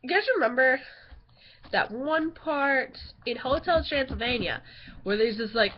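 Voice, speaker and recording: A woman's voice: sits high, lively intonation, a little slow, highs cut off, noisy background. A young woman chatting casually in a rambling home vlog, easily sidetracked and giggly. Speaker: vlogger.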